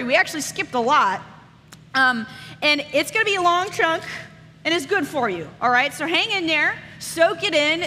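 A woman preaching a sermon, retelling a scripture story in a casual, lively way with slang asides, then reading the passage aloud. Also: high voice, a little hiss or hum. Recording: reverberant hall.

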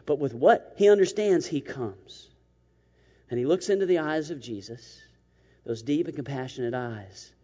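A man preaching a sermon in a conversational, humorous way, acting out quick asides. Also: mid-range voice, expressive, dark tone. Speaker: pastor. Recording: dull sound with long hall reverb.

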